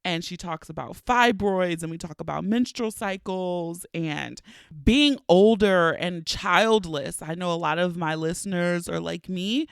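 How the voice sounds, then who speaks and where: A woman's voice: on the low side, measured pace, vocal fry, smooth, no echo. A woman in her thirties hosting her own podcast, chatty and playful, a little stuffy from allergies, talking close to the mic. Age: 30s. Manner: chatty, playful and animated, laughing often. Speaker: podcast host. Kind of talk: casual podcast monologue.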